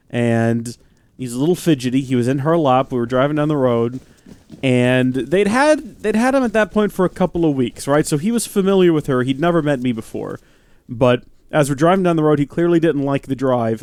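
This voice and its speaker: Rambling let's play commentator. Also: male voice, a little high, darkish tone. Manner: rambling, self-deprecating. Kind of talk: casual gameplay commentary.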